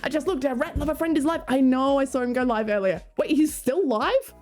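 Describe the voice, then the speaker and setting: A woman's voice: high voice, a little fast, darkish tone. A young Australian woman streaming, chatting casually with her viewers and reading chat aloud, laughing often. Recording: faint music behind.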